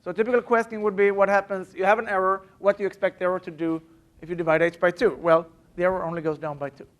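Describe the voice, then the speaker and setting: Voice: mid-range voice, fairly even intonation, fast talker. A university math lecturer giving a live classroom lecture, talking casually with many fillers and restarts and stressing the key points. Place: lecture hall.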